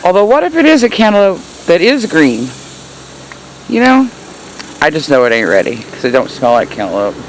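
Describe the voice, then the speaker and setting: A woman's voice: deep voice, big pitch swings, moderate pace, a little hiss or hum, poor audio. A woman giving a casual, chatty tour of her backyard garden in the heat, hot and sweaty and laughing at herself. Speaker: gardening vlogger.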